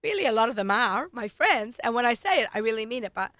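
Australian woman, radio host, chatty, laughs a lot, bright tone, dry sound. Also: a little high, big pitch swings, fast, no echo. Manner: chatty, laughs often, does little voices when quoting. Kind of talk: casual chat.

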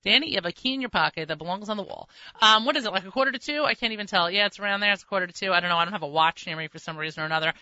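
Bright-voiced chatty woman radio host. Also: mid-range voice, racing, dry recording, muffled recording. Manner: chatty, trips over words, self-mocking. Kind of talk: casual radio chat. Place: radio studio.

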